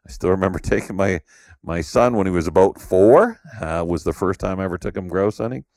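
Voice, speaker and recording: A middle-aged podcast host from Canada talks in a casual, rambling way, with plenty of fillers as he tells stories. His voice sits very low, and the recording is dry and close. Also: a little fast, a little mellow, dry recording. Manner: storytelling, rambling with many "you know" fillers. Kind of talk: casual conversation.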